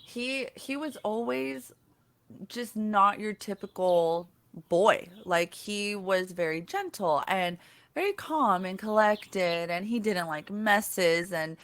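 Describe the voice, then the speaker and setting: A woman in relaxed podcast talk, mid-pitched and natural. She tells her stories with animation, slipping into little voices for the people in them. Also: slow pace, no room sound. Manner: animated storyteller who acts out voices in her anecdotes. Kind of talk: casual chat.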